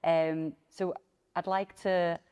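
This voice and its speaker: A woman who runs a gallery hosts a public conversation, short in her turns and steering with questions. Her voice sits lower than most women's. A long reverb from the big hall follows her words. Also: little pitch movement, slow, mellow, smooth. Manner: brief, steering the talk with questions. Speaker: gallery head, interviewer. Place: large gallery hall, in front of an audience.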